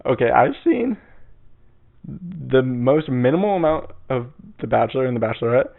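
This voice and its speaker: A man's voice: medium pitch, brisk, gravelly. A young man hosting a solo podcast, rambling casually, swearing often and laughing at himself. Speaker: podcast host. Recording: tinny phone-like sound.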